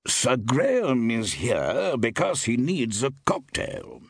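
A man voicing a suave, urbane police chief in a story reading, speaking slowly and deliberately. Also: medium pitch, huge pitch swings, husky, dry recording, clean studio sound, pitched above the performer's own voice, full character voice. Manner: slow, measured, urbane.

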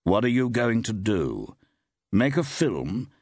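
A man playing a suave, quietly probing gentleman. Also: on the low side, sing-song, no echo, studio quality, pitched above the performer's own voice, exaggerated voice. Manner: measured, polite, quietly probing.

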